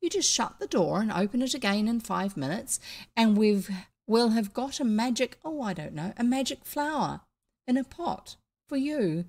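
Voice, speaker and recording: An eager boy full of quick ideas, voiced by a woman reading a storybook aloud. The voice sits a little high, with a slight gravelly rasp. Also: animated, a little mellow. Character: eager boy, inventive elder brother.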